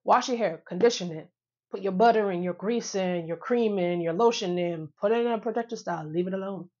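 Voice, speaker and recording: A woman's voice: mid-range voice, a little fast, darkish tone, dull audio. A young woman vlogging casually to camera, sassy and emphatic, repeating phrases for punch and laughing often. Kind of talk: casual direct-to-camera talk.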